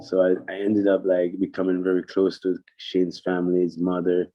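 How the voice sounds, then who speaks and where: A middle-aged man telling stories in casual chat, animated and swearing freely, and mimicking other people in high voices. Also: normal speed. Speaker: guest. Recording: dull lo-fi sound.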